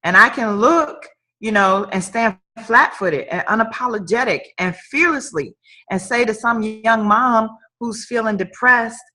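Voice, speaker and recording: A woman's voice: a little high, unhurried, sharp tone. A woman guest on a live-streamed talk, speaking in an emphatic, preacher-like way and repeating phrases for weight. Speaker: guest entrepreneur. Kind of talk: motivational conversation. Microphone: online live stream.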